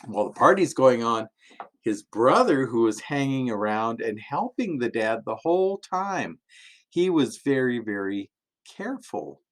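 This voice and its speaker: A pastor giving a relaxed family sermon as a story, chuckling often and acting out the characters' lines. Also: male voice, mid-range voice, unhurried.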